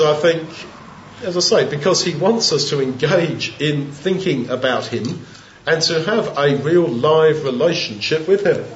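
A man's voice: fairly high pitch, slight background noise. A man preaching an expository sermon in a conversational way, asking many rhetorical questions. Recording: echoey, dull sound.

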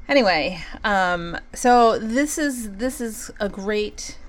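A woman's voice: mid-range voice, expressive, slow. A woman hosting a solo talk, speaking earnestly and conversationally about compassion and spiritual growth, often saying "you know" and breaking into laughter. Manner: many "you know" fillers.

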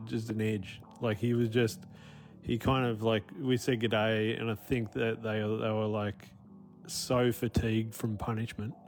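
A man talks in a recorded interview, laid-back and hesitant. His voice sits fairly low and he swears casually. Faint music plays behind him. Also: darkish tone.

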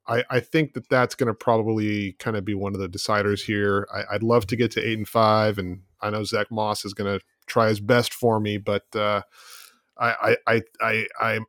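A man's voice: fairly low pitch, level tone, moderate pace, a bit bright, no echo, clean studio sound. A man co-hosting a fantasy football podcast, stammering through his thoughts and cursing bluntly at friends. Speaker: podcast co-host. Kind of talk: casual fantasy football banter.

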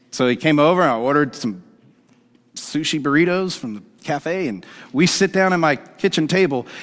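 A male pastor preaching a sermon and telling a story, animated and excitable, acting out the dialogue as he goes. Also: a little high. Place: church sanctuary. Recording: long hall reverb from the church.

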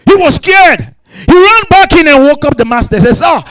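A man preaching a sermon with emphatic repetition, sudden shouted bursts and quiet asides, breaking into tongues between points. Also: extremely high pitch, animated, moderate pace, rough recording.

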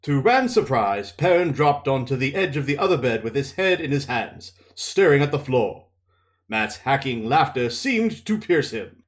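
A man hosts a book podcast, recapping a chapter in a relaxed, casual way and thinking aloud as he goes. His voice is expressive, moving up and down a lot as he talks and reads. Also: medium pitch, normal speed, echoey room. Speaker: podcast host and reader.

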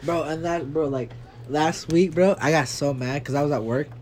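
Young man telling animated stories. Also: fairly high pitch, normal speed, a little hiss or hum. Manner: animated storyteller, acts out quotes loudly. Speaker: podcast co-host. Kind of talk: casual chat.

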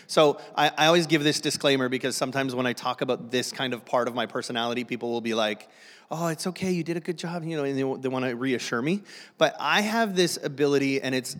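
A man's voice: mid-range voice, a bit bright, big-room sound. A man preaching a humorous sermon to a church, self-deprecating and joking, often restarting his sentences. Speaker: guest pastor. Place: church sanctuary.

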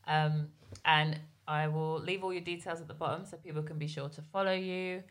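A woman's voice: low-pitched, steady tone, moderate pace. A woman hosting a podcast, chatting easily and asking her guest questions. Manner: easygoing, asks questions. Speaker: podcast host. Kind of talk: casual interview chat.

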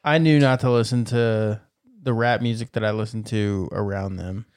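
Clear-voiced man, dry sound. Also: lowish voice, fairly even intonation, normal speed, a little mellow, no echo. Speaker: podcast co-host. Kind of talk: casual chat.

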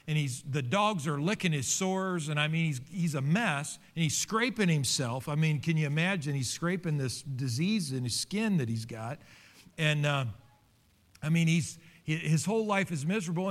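A pastor delivers a conversational sermon in a bright, forceful voice. He tells stories with humor and lively asides. His delivery is animated and informal. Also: fairly high pitch, moderate pace.

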